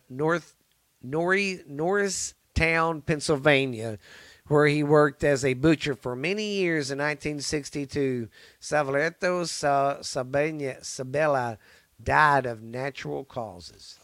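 A man's voice: a little high, fairly bright tone, no room sound, clean studio sound. A man hosting a podcast, rambling and cursing casually, often stumbling over names as he reads. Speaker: podcast host.

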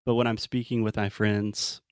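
Lower-voiced Southern American English teacher. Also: male voice, flat delivery, moderate pace, dry recording, studio quality. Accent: mild Southern American. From Southern United States. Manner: explanatory, acts out example lines. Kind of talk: podcast conversation lesson.

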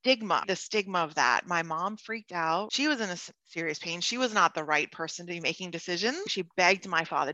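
A woman's voice: fairly low pitch, expressive, fairly quick, hardly any pauses, bright, forceful tone, no echo, lo-fi sound. A woman sharing a personal caregiving story in casual conversation, earnest and emotional, laughing now and then and restarting her sentences.

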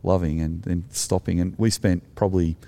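Speaking at normal speed in a low, gravelly, mellow voice with a steady tone, an Australian Anglican minister co-hosting recounts a story. His conversational manner is earnest and reflective.

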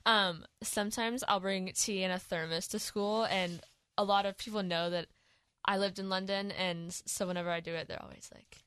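A woman's voice: medium pitch, steady tone, moderate pace, a bit bright, clean tone, no room sound. A teenage girl co-hosting a student radio talk show, chatting in a rambling way and laughing often. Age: teens. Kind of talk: casual chat.

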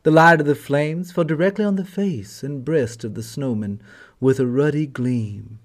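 A man narrating a fairy tale as host of a storytelling channel, gentle and affectionate. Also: on the high side, normal speed.

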